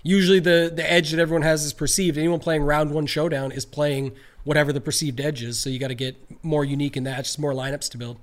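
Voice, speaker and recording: A man co-hosting a casual podcast, weighing golf betting picks in a measured, analytical way. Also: on the high side, level tone. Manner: measured, analytical, hesitant restarts.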